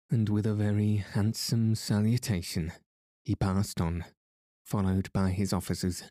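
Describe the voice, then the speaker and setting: A man narrating a book chapter in a measured, even reading. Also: fairly low pitch, dry recording, clean studio sound. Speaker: audiobook narrator. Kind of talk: scripted narration.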